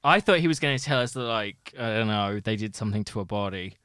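A man co-hosting a casual podcast, cheeky and quick with jokes. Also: on the low side, animated, fairly bright tone, smooth, no room sound, clean studio sound. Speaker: podcast co-host.

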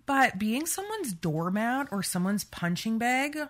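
A woman's voice: fairly high pitch, sing-song, measured pace, a bit bright. A woman from Canada co-hosting a podcast for a sexual assault centre, steering the casual conversation with short agreements and "Okay?".

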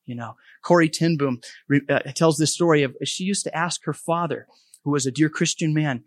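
A man's voice: on the high side, brisk, no room sound. A middle-aged man sharing a personal testimony in an earnest way, often restarting and repeating words as he goes. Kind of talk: testimony talk.

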